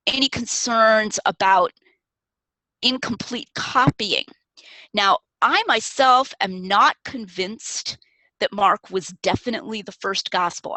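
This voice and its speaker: A woman's voice: mid-range voice, pushed and bright, no echo, low-quality recording. A woman guest author in a webinar discussion, explaining her points carefully over a video call.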